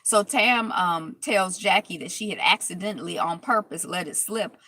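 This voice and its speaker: A woman's voice: lowish voice, normal speed, pushed and bright, no echo, rough recording. A woman casually recapping a reality TV episode, rambling with lots of fillers and restarts.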